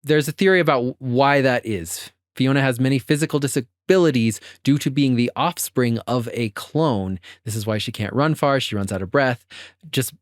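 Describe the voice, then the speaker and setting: A man's voice: medium pitch, moderate pace, dry recording. Man co-hosting a podcast, dry sound. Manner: laughing, animated storytelling. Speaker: podcast co-host. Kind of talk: casual chat.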